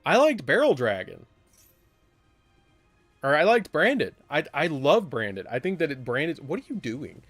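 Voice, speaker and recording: A man's voice: a little high, very animated, a little slow, long pauses, a bit bright, dry recording, soft background music. A man casually chatting while streaming a card game live, rambling and breaking into surprised exclamations.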